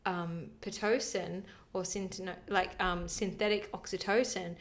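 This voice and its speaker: A woman's voice: lowish voice, fairly even intonation, a little slow. A woman co-hosting a podcast, chatting casually in an earnest, rambling way with plenty of fillers. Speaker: podcast co-host. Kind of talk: casual chat.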